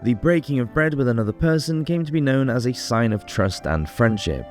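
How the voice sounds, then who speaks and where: A man narrating a scripted history documentary in a clear, explanatory way, with the odd casual joke. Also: mid-range voice, animated, a little fast, soft background music. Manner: clear explanatory delivery with casual jokey asides.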